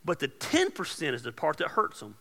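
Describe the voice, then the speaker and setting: A man preaching a sermon as pastor, casual and joking, building to loud emphatic points. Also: fairly high pitch, wildly swooping pitch, fairly quick, big-room sound.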